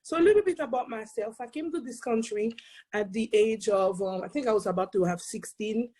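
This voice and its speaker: A woman in her forties with a thick Haitian accent, sharing a personal testimony as an invited speaker in an excitable way that is quick to laugh. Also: fairly high pitch. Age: 40s.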